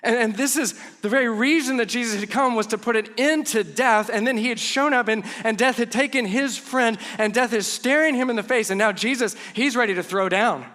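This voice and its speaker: Man, pastor, conversational sermon, high voice, animated, hushed emphasis, humorous asides. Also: fairly quick, few pauses. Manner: animated storytelling, drops to hushed tones for emphasis.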